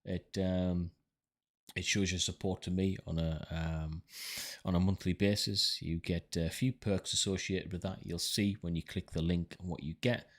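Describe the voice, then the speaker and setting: A man hosting a casual livestream and answering viewer questions, chatty and relaxed, with many ums and uhs. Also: low voice, measured pace. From United Kingdom. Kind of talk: casual live commentary.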